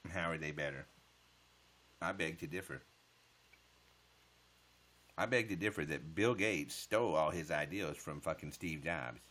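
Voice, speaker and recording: A man's voice: a bass voice, measured pace, long pauses, fairly bright tone. A man chatting casually on a livestream, answering viewer comments with profane smart-aleck jokes.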